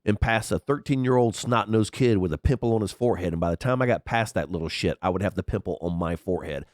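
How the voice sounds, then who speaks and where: Deep-voiced, congested man rambling. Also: fast, no room sound, studio quality. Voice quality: unusually deep from a cold. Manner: rambling, chatty, swears freely. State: sick, congested with sniffles. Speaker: podcast host. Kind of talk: casual commentary monologue. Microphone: headset.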